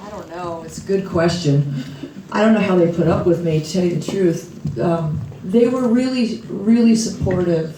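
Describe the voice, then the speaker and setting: A woman's voice: fairly low pitch, normal speed, noisy background. A middle-aged woman, an author at a book launch, telling stories on stage with frequent laughter. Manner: laughing, chatty storyteller. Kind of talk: storytelling talk on stage. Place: music venue before a live crowd. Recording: echoey room from far off.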